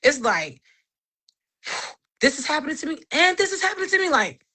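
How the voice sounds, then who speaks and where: Bright, animated woman chatting. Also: medium pitch, moderate pace. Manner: animated, laughs often between phrases; faith-filled testimony, emphatic repetition. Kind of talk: casual chat.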